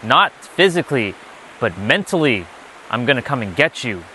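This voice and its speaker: A man's voice: medium pitch, sing-song, moderate pace, bright, forceful tone, a little hiss or hum. A man giving an unscripted spiritual lesson, blunt and emphatic, often swearing. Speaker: spiritual teacher.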